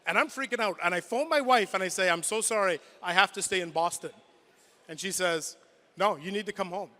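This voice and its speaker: A man with a high, bright voice tells a personal story in an acceptance speech. He builds the drama, restarts quickly and repeats words. His voice rings out through the long reverb of a big indoor hall, picked up by a podium mic. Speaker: sports broadcaster giving a hall of fame acceptance speech. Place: large indoor event hall.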